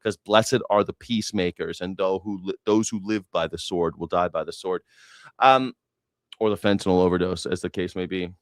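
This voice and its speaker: A man hosting a news reaction stream who rambles, swears freely and mocks the news with sarcasm. His voice is smooth and clear. It is recorded close and dry, with no room sound. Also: low voice, normal speed, no echo. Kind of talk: casual livestream commentary.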